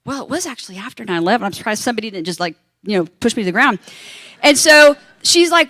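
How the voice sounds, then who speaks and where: A higher-voiced woman tells a story at a convention panel, and she acts out every quoted voice with energy. Her voice is close and dry, with no room echo. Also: animated, brisk, bright, forceful tone. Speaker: panel speaker.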